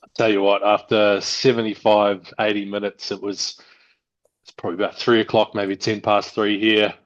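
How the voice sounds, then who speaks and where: A man's voice: fairly low pitch, level tone, normal speed. A man hosting a podcast and chatting casually, with an easy laugh. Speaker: podcast host. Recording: dull lo-fi audio.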